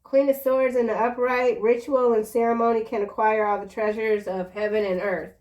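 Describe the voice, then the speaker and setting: A woman giving a casual tarot reading in a chatty, slangy way, breaking into excited exclamations. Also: a little high, moderate pace, lo-fi sound. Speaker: tarot reader.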